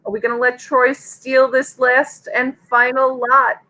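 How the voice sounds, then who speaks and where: High-voiced woman calling auction bids. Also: little pitch movement, pushed and bright, rough recording. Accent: Southern US. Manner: upbeat, drawn-out bid calling. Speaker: auctioneer co-host. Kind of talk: live online auction calling.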